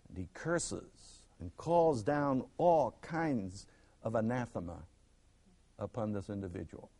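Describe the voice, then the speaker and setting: A man teaching a Bible lesson, dramatic, swinging from loud emphasis to a near hush and acting out the people in the stories. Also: lowish voice, lively intonation, takes it slowly. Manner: acts out quoted speakers in the stories.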